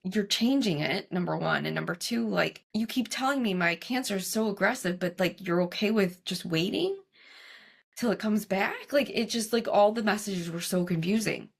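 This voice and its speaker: Gravelly-voiced woman telling her story. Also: mid-range voice. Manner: animated storyteller, acts out her own past dialogue; frequent "like" and quick asides. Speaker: guest, cancer coach. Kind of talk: casual storytelling interview.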